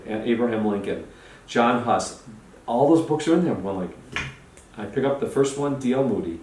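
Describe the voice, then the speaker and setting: A man telling a personal story in an excited way, often restarting and repeating words. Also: on the low side. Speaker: storytelling guest. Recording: roomy, distant, faint noise.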